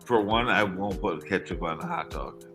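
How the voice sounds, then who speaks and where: Man, lowish voice, jokey guest, calls people bro, faint music. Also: moderate pace, a bit bright. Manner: joking, laughs easily, says bro. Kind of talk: casual livestream chat.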